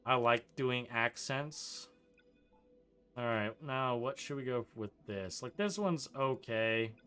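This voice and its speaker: Casting: young male streamer from Canada, bright tone, loose chatty delivery, faint game music underneath. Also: mid-range voice, slow, smooth. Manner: rambling, chuckling, lots of likes and ums. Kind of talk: casual gameplay commentary reading chat.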